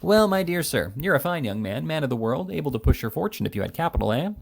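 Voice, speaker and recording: A man's voice: on the high side, big pitch swings, quick pace, gravelly, pitched above the performer's own voice, heavily acted. A man voicing a bustling little male attorney who coaxes and haggles, forever saying "my dear sir.". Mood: wheedling. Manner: coaxing, repeats "my dear sir".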